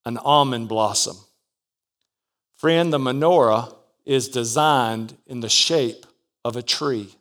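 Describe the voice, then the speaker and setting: A man's voice: mid-range voice, a bit bright. A man preaching a sermon as pastor, dynamic, acting out the voices in his story and calling out for amens.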